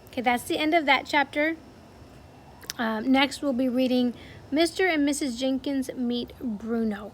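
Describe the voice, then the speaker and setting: A woman's voice: high voice, measured pace. A woman teacher reading a novel aloud to her class from home, in a plain, friendly way.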